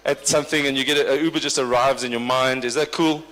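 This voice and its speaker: With a fast, mid-range delivery, fairly even intonation and a fairly bright tone, a man MCs a corporate party through live stand-up. He teases the crowd in a dry, bantering way, and long reverb fills the large hall.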